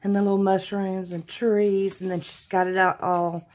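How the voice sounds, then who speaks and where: A woman's voice: medium pitch, level tone, normal speed, a little mellow. A woman hosting a casual craft unboxing vlog, gushing and exclaiming over everything she opens. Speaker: craft channel host.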